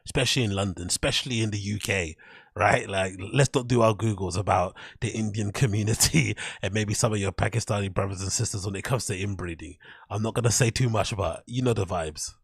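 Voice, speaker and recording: A man's voice: fairly low pitch, fairly quick, vocal fry, slightly rough. A man hosting a show, giving casual, blunt and dismissive commentary on clips. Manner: blunt, dismissive, says "cringe" a lot. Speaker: host reacting to clips.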